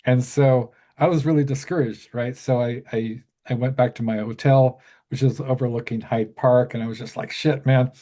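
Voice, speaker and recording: Rambling, mellow-voiced male storyteller. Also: mid-range voice, steady tone. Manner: halting, full of restarts and fillers. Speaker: guest, musician and horror author. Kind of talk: casual anecdote on a talk show.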